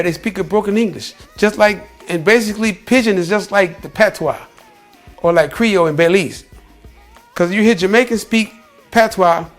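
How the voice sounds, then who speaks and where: An American man in a casual vlog, talking emphatically to the listener, often repeating himself and calling them "bro". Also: high voice. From United States. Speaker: vlogger. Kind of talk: casual opinion talk to camera.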